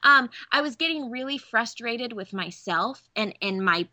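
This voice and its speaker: Young southern woman, bright voice, dry sound, tells stories all lively n laughs a lot. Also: fairly high pitch, a little slow, no room sound. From American South. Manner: animated storyteller, acts out quoted voices, laughs often. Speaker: voice actress guest. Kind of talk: casual interview storytelling.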